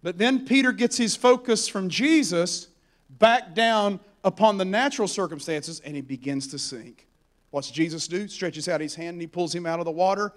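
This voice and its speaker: A man preaching a sermon, animated and storytelling as he acts out the voices in the stories. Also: sits high, normal speed.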